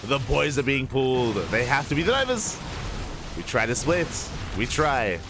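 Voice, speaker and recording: A young man doing live play-by-play commentary on a strategy video game, sleepy and slightly slurred, excitable during fights. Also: mid-range voice, moderate pace, background noise. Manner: excitable, drowsy between fights. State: just woke up, slurring. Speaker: esports caster.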